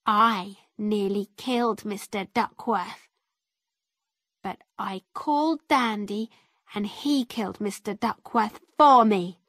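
A woman's voice: mid-range voice, slow pace, fairly bright tone, dry recording, studio quality. A woman reading the lines of a proud, angry young village boy in a storybook, speaking bluntly and boastfully.

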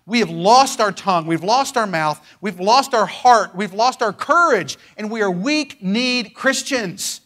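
A male pastor preaching a sermon with fervent intensity, moving from loud declarations to hushed pleading and drawing out phrases for emphasis. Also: high voice, lively intonation, unhurried, hardly any pauses.

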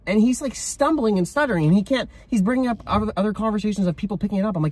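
A young man talks fast and bluntly, reliving a confrontation in casual storytime chat. His voice has a husky, slightly rough edge, and he quotes himself with fired-up conviction. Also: sits high. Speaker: reseller vlogger.

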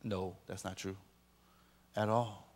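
A man's voice: deep voice, fairly even intonation, slow pace, darkish tone, in a large hall. A man preaching a sermon as a pastor, joking playfully with his audience. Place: large lecture hall.

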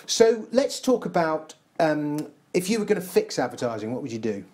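A man's voice: on the high side, big pitch swings, moderate pace, a little mellow. A man interviewing a guest in casual conversation, chatty and agreeable.

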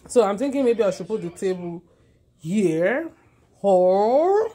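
Chatty, excitable woman vlogging. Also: medium pitch, slow pace. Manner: chatty, excitable, storytelling with asides. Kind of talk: casual vlog chat. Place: in a car, then at home in a small office.

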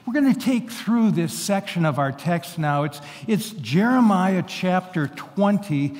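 A man's voice: sits high, expressive, measured pace, darkish tone, big-room sound, faint music behind. A male pastor preaching an earnest, emphatic sermon, often restarting his words. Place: large church sanctuary.

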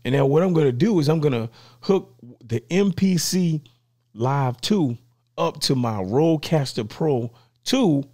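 A man hosting his own vlog, talking casually and playfully with lots of slang while excitedly unboxing new gear. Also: a little high, unhurried.

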